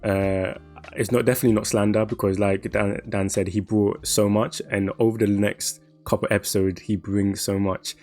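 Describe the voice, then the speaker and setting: Low, flat-voiced man reflecting. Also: soft background music. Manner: measured, reflective, many fillers. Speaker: podcast co-host. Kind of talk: casual anime discussion.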